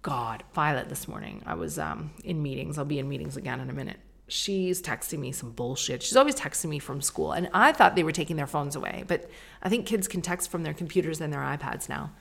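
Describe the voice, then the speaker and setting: A middle-aged woman talks on her own podcast in a loose, stream-of-consciousness ramble. Her voice sits on the low side for a woman. She is chatty, mocks herself freely and drops the odd swear word. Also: animated, a little fast, creaky. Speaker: podcast host. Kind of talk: casual podcast monologue.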